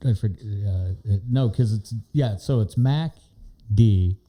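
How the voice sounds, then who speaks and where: A man hosts a laid-back studio conversation, chiming in with crude, teasing wisecracks. His voice is low and very dark in tone. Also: measured pace. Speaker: podcast host, older brother. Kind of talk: casual chat. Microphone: studio microphone.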